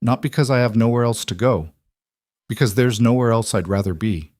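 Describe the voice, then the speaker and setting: A man reading the lines of a hopeful frontier widow in a soft, earnest voice, in an audiobook. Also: medium pitch, brisk, dry recording, clean studio sound, lightly acted. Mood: tender.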